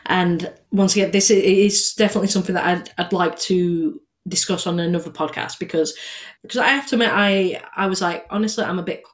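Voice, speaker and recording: A woman co-hosting a podcast, chatting in a relaxed, self-deprecating way. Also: lowish voice, fairly quick, echoey room. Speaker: podcast co-host. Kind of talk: casual conversational chat.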